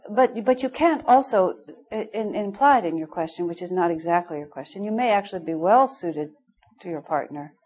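A middle-aged woman gives an informal spiritual class. She tells stories candidly, and her lowish voice often breaks into laughter. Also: expressive, moderate pace, a little mellow, poor audio. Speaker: spiritual teacher.

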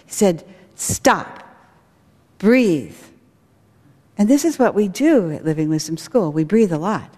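A woman's voice: fairly low pitch, very animated, brisk, hardly any pauses, warm tone, a little hiss or hum. A woman who directs a school, giving an earnest spiritual talk with stories. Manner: earnest, storytelling with acted quotes. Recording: long hall reverb.

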